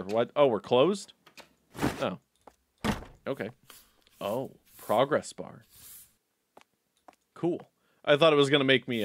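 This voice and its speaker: A young man giving joking, sarcastic commentary while playing a video game and bantering with its characters. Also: lowish voice. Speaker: gaming YouTuber. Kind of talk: let's play commentary. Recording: game music behind the voice. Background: game music.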